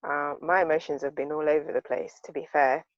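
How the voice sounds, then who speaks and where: A woman's voice: sits low, level tone, fairly quick, no echo. A woman joins a group discussion over a video call, her voice carried through muffled, lo-fi audio. She talks with heavy emphasis, often repeating words to drive a point home. The sound is very dry, with no room around it. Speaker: discussion participant.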